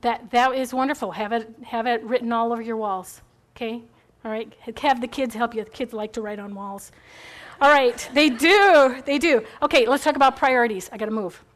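A woman's voice: fairly high pitch, moderate pace. A middle-aged woman giving a chatty, rambling faith talk to a group, encouraging and full of asides.

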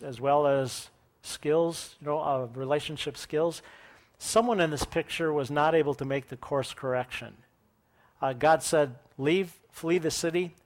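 A man preaching, reading a scripture passage aloud and then explaining it in a conversational teaching manner, correcting his own slips as he goes. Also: a little high.

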